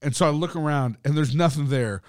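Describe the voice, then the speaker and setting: A man's voice: fairly high pitch, fairly quick, no echo, studio quality. A man co-hosting a podcast, telling a ghost story in casual chat, swearing often and rambling with lots of fillers. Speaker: podcast co-host.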